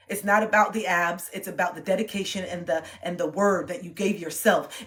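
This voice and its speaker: A young woman streams a motivational talk, driving hard at her listeners with repeated questions and plenty of swearing. She sounds intense and preachy, pushing and challenging rather than comforting. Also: fairly high pitch. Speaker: livestreamer.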